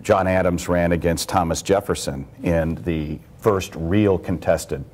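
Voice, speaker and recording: A middle-aged congressman from small-town Iowa, speaking to a campus audience in a measured, explanatory way. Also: low-pitched, darkish tone. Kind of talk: public speaking at a campus event.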